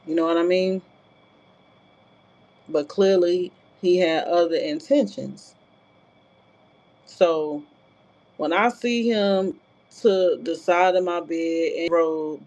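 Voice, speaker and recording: A woman's voice: lowish voice, steady tone, slow, pauses often, darkish tone. A woman vlogger telling a personal story in a casual, blunt, profane way, with frequent filler asides. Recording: dull lo-fi sound.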